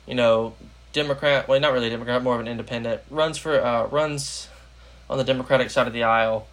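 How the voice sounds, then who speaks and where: A man's voice: medium pitch, steady tone, fast, fairly bright tone. A young American man hosting a casual political podcast, rambling with lots of fillers. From United States. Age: young adult. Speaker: podcast host.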